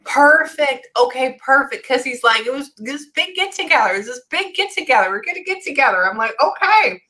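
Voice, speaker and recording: A woman giving a casual reading as a psychic medium, halting often to listen and sometimes dropping into soft near-whispers. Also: high voice, expressive. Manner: halting, keeps breaking off to listen. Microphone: recorded session.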